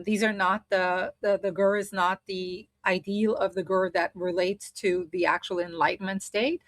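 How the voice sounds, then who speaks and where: A woman's voice: fairly low pitch, no echo. A woman teaching a spiritual study group in a casual way, thinking aloud as she explains a method step by step.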